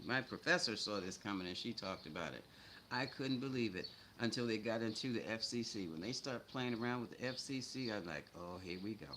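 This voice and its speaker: A man's voice: mid-range voice, a bit bright, slight background noise, low-quality recording. A middle-aged man hosting a casual livestream, greeting viewers by name and answering chat comments in a blunt, chatty way. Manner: blunt and scolding toward trolls. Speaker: livestream host.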